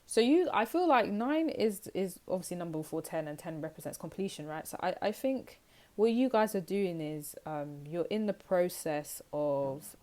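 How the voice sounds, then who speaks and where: A woman's voice: on the low side, lively intonation, moderate pace, mellow. A young woman from the United Kingdom giving a casual tarot reading, chatty and rambling, acting out little scenes as she explains. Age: young adult. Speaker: tarot reader.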